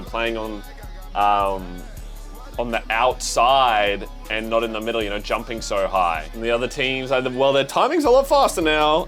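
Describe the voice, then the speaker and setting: A young Australian man hosting a manga reaction video, gushing and swearing with excitement as he reads panels aloud between his reactions. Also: medium pitch. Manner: excitable, swears freely, gushes. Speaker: reaction channel host.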